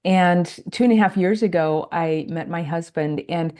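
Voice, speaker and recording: Mellow-voiced woman coach explaining. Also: lowish voice, normal speed. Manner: earnest, explains concepts step by step. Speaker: life coach guest. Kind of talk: podcast conversation.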